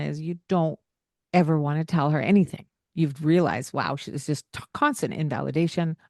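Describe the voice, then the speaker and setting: A woman's voice: low-pitched, a little mellow, no room sound, clean studio sound. A woman co-hosting a casual parenting podcast, talking in an earnest, coaching way with lots of fillers. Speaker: podcast co-host.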